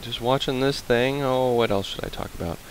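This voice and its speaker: A man's voice: medium pitch, fairly quick, a little hiss or hum, rough recording. A man giving casual, chatty commentary while playing a game, playful and prone to humming and repeating fillers. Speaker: let's play host.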